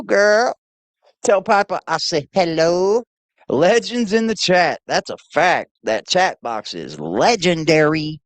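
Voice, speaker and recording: Animated woman greeting a livestream chat. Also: medium pitch, dry recording. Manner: greets chatters by name, animated and playful. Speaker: livestream host.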